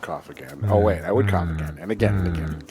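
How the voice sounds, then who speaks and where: A man with a cough-worn, hoarse voice, chatting on a stream in a deadpan, low-energy way. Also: quick pace, slight background noise. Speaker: stream co-host. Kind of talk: casual chat.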